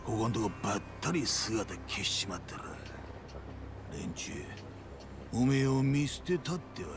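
A man's voice: medium pitch, expressive, a little fast, vocal fry, over music. An actor playing a menacing male yakuza boss who taunts a captive in coarse street speech, in a video game.

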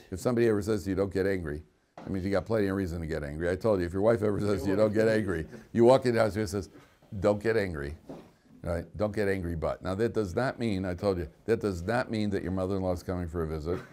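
Joking rabbi lecturing a class. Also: male voice, sits low. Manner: animated, joking asides, reads Hebrew text then translates. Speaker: rabbi teaching weekly Torah portion. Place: study hall classroom.

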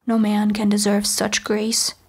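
A woman voicing a calm, stubborn young mortal prince who speaks respectfully and steadily. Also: medium pitch, a little slow, breathy edge.

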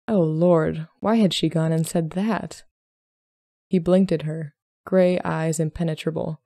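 A woman hosting a podcast, reading a story aloud in a measured storybook narration. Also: low voice, fairly even intonation, vocal fry, warm tone, no echo, studio quality.

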